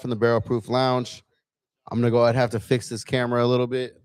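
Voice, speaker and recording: A man's voice: mid-range voice, flat delivery, quick pace, darkish tone, clear, resonant tone, no room sound. A man hosting a casual livestream from a bar lounge, chatty and laid-back, testing his gear as he talks. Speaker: livestream host.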